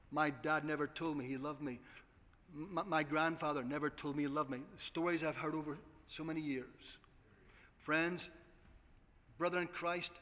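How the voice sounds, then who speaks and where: Pastor preaching earnest, high bright voice, big echoey hall. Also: male voice. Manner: earnest preaching with repeated appeals to the congregation. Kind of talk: sermon. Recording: long hall reverb.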